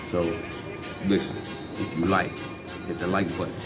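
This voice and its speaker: A sports fan vlogger in his 50s gives loose, rambling, emphatic commentary on his team. His voice is low and level, moving at a moderate pace, with faint music playing underneath.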